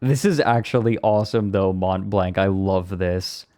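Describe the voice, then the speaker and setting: A male streamer chats at an unhurried pace in a lowish voice. He rambles from one thing to the next and keeps amusing himself. It sounds like a casual live stream from a home setup. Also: steady tone, darkish tone. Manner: rambling, self-amused, breaks into laughter.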